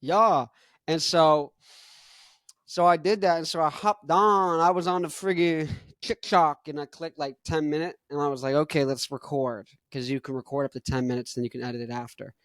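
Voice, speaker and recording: A man's voice: fairly high pitch, fairly even intonation, moderate pace, no echo, studio quality. A young man hosting a casual podcast, rambling in laid-back slang and chuckling between thoughts. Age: young adult. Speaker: podcast host. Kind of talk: casual chat.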